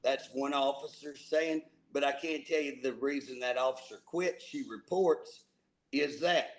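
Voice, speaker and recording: A man's voice: mid-range voice, measured pace, low-quality recording. A man co-hosting a casual political talk show, folksy and emphatic, often repeating words as he starts a thought. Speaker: co-host.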